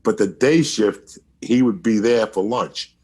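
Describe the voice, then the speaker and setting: A man telling a story in a casual podcast chat, animated and swearing, acting out what people said. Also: fairly low pitch, a little slow. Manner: animated, swearing, acts out quotes. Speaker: guest storyteller.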